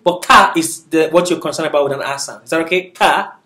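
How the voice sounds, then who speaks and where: A man's voice: fairly high pitch, brisk, bright, forceful tone, echoey room, distant mic. A man teaching a beginners' Arabic class, patiently drilling syllables aloud and constantly checking that his students are following. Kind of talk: classroom lesson.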